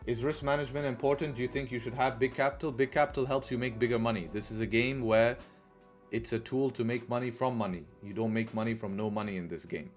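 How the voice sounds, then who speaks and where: A man's voice: medium pitch, fairly even intonation, fast, soft background music. A man hosting a live trading stream, talking casually to viewers and often tagging his points with "right?". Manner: conversational, keeps adding "right?", profane asides. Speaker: trading livestream host.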